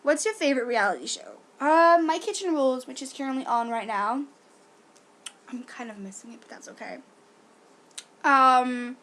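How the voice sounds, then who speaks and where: A woman's voice: on the high side, a bit bright. A young woman answering fan questions in a casual, self-deprecating vlog. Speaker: vlogger.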